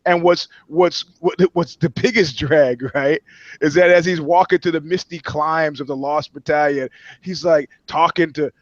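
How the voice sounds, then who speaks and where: A man's voice: fairly high pitch, fairly even intonation, normal speed, no echo, muffled recording. Rambling, profane man riffing. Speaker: podcast co-host. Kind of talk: casual comedic chat.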